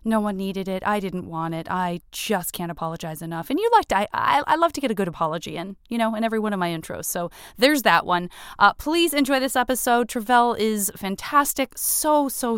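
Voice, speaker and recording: A woman hosting a podcast in casual chat, bubbly and effusive, self-deprecating and quick to laugh. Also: medium pitch, fairly bright tone, smooth, no echo, clean studio sound. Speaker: podcast host.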